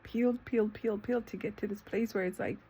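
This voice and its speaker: A woman vlogging a reflective self-talk monologue, rambling with lots of fillers and breaking into sudden high exclamations. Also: fairly even intonation, fast, mellow, slightly rough. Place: eating ice cream while filming herself.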